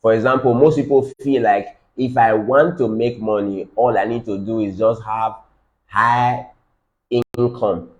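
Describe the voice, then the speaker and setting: A man with a Nigerian accent leads a business training session at an ordinary middle pitch. He hammers his points home by repeating phrases over and over and keeps asking the listeners if they follow. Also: steady tone, unhurried, a little mellow, rough recording. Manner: repeats key phrases for emphasis, quizzes the audience.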